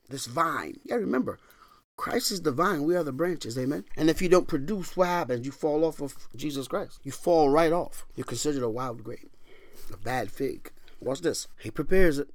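A middle-aged male pastor preaching a sermon, swinging from hushed whispers to loud, emphatic lines and repeating phrases for emphasis while quoting scripture in old-fashioned wording. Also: mid-range voice, expressive, normal speed, no room sound, clean studio sound.

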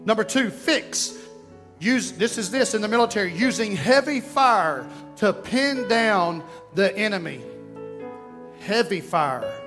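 A man's voice: high voice, measured pace, in a large hall, soft background music. A man, preaching a sermon in a church and calling the congregation to respond. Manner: animated preaching with call-and-response. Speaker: pastor. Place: church sanctuary.

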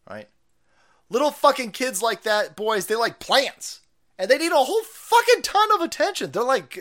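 A man streaming ranting commentary, foul-mouthed and loud, laughing and jumping between mutters and yells. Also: high voice.

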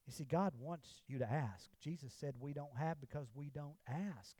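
A man preaching a sermon in a church, with emphatic declarations that drop to low, hushed phrases. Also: normal speed, no room sound. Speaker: pastor.

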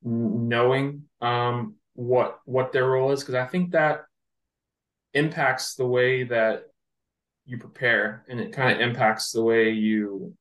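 Man chatting casually in a roomy space. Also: mid-range voice. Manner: relaxed, thinking aloud with fillers. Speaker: podcast co-host. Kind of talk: casual sports podcast chat.

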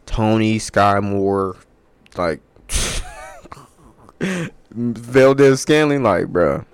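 A man's voice: lowish voice, slow, clear, resonant tone. A young man hosting a sports podcast, ranting in a casual, profane, rambling way.

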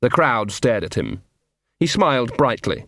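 A man narrates an audiobook with wry, expressive storytelling. His mid-pitched voice rises and falls freely, recorded dry and close in a studio. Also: unhurried, no echo. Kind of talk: scripted narration.

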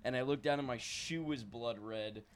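A man's voice: medium pitch, normal speed. A man hosting a casual podcast, telling a story loosely with a lot of swearing.

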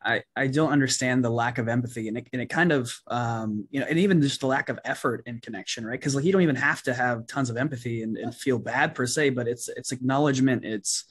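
A man's voice: medium pitch, fast talker, few pauses, a bit bright, husky. A man hosting a casual podcast conversation, speaking earnestly and thoughtfully, hedging his points with fillers. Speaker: podcast host.

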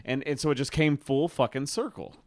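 Male podcast host, mid-pitched, rambling and crude, dry sound. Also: a little fast, darkish tone, dry recording. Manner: rambling, profane, many restarts. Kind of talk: casual chat.

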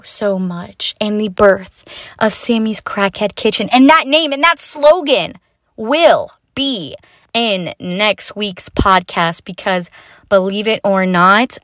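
A woman in her twenties hosting a podcast, telling stories from her college years in a chatty, self-mocking way with casual swearing and quick asides. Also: mid-range voice, a bit bright, no echo, studio quality. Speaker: podcast host. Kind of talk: unscripted storytelling monologue.

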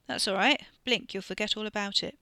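A woman's voice: medium pitch, fairly quick, sharp tone, no echo. A woman voicing a weary, sarcastic young man. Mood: gentle. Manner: dry, sarcastic.

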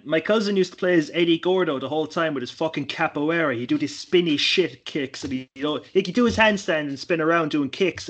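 A young Irish man hosts a casual podcast chat. He talks in a fairly high voice, laughs often, and swears freely as he jokes. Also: fairly bright tone. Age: 20s. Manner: joking, profane, laughs a lot. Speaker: podcast host.

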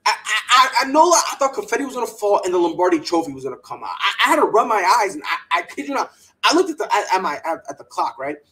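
Speaking fast in a high pitch, this man hosts a sports podcast captured on low-quality audio. He launches into heated, animated rants packed with strong opinions, mimicking others in a mocking put-on voice.

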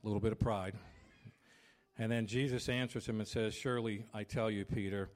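Speaking briskly in a fairly low pitch, a fifty-something pastor preaches with his habitual loudness. He plays out household squabbles through energetic storytelling.

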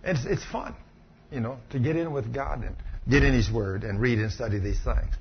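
A man's voice: mid-range voice, moderate pace, slightly rough. A man preaching, a folksy and emphatic healing school teacher who retells conversations as he goes. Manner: folksy, emphatic, recounting dialogue. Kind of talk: sermon with storytelling. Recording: muffled recording with faint background hiss.

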